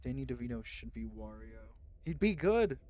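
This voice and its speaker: A woman's voice: very deep voice, big pitch swings, normal speed, warm tone, a little hiss or hum. A woman streaming a video game live, joking and laughing with her chat. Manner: playful, laughing, jokey. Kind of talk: live gameplay commentary.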